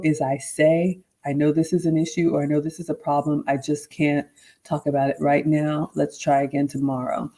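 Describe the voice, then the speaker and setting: A woman in her forties, a life coach hosting a livestream, runs a casual live Q&A, reading viewer comments aloud and answering them conversationally. Her voice is deep with a dark tone, and the audio quality is poor.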